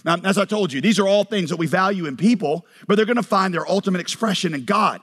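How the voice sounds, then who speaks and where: A man from North Carolina preaching a sermon, animated, telling stories and acting out quotes, sometimes shouting. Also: sits high, fast, hardly any pauses. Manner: animated storytelling with acted quotes, rises to shouts. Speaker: pastor. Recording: long hall reverb.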